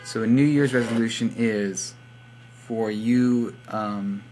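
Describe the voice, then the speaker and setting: A man's voice: lowish voice, fairly even intonation, takes it slowly, a little mellow, a little hiss or hum. A young man vlogging casually from his computer, joking in a silly, rambling way and now and then slipping into put-on accents. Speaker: YouTube vlogger giving shoutouts. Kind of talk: rambling casual vlog monologue. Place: home room at a computer.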